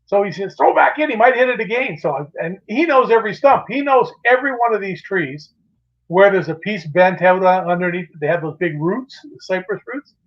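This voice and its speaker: A man, a magazine publisher, telling a fishing anecdote in a casual, animated way with many restarts. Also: sits high, normal speed, highs cut off. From Canada. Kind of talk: casual storytelling on a live show.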